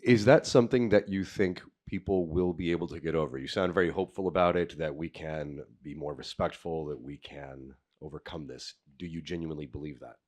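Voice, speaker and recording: An American man asks a speech contestant questions in an easy, friendly, conversational tone. His voice sits very low, and his speech carries a plain American accent. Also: brisk, few pauses, a little mellow. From United States. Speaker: contest judge asking questions. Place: conference hall.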